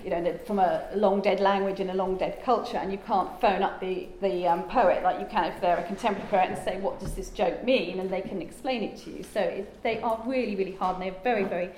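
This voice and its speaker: A woman's voice: medium pitch, steady tone, fast, hardly any pauses, a little mellow, slight background noise. Chatty woman lecturing in an echoey room. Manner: chatty, digressive, with frequent ums and asides. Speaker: lecturer and translator. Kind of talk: informal lecture. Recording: echoey room with faint ambience.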